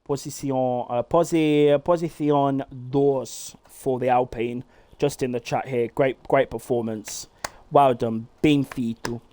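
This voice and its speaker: A man giving live play-by-play commentary on a sim race, excitable and swearing freely as he calls the action. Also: medium pitch, slow pace.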